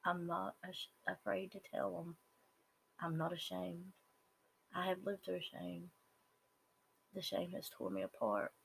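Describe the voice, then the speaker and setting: A speaker with a Southern US accent gives an earnest, halting personal testimony, with some words dropping to a whisper. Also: medium pitch, gravelly, fairly bright tone, slight background noise, poor audio. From Southern United States. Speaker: person sharing their life story.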